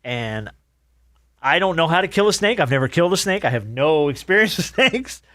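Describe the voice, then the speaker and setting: A man hosting a podcast, telling a story in a relaxed, wry way with dry humor. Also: fairly high pitch, normal speed, no room sound. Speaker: podcast host. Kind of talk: casual chat.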